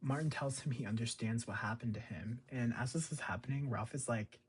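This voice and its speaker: A man's voice: medium pitch, fairly quick, slight background noise. A man casually recapping a TV episode, rambling with lots of fillers. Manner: rambling, filler-heavy, chuckles often. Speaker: show recap host.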